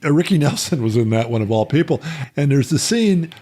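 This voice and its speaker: A man's voice: a little high, lively intonation, fairly quick, dark tone. A man hosting a podcast, talking through a film with a wry, teasing manner. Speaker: podcast host. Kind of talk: casual film discussion.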